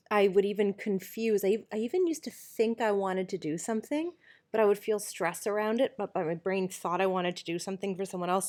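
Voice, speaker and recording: A woman's voice: mid-range voice, a little mellow. Thoughtful woman podcast co-host. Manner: thoughtful, candid, laughs easily. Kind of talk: casual reflective chat.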